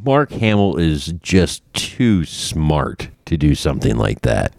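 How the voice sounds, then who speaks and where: A man's voice: a bass voice, slow pace, vocal fry, dry recording, studio quality. A man joining a podcast as a stand-in co-host from his home couch, chatting casually and joking with easy laughs. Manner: relaxed, joking, laughs easily. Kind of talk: casual chat.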